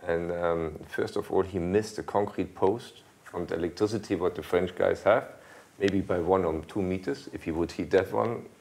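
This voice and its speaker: Low gravelly guy chatting on a panel, earnest, lots of uhs. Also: steady tone, moderate pace, a little mellow. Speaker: panel guest. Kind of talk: casual storytelling on a panel.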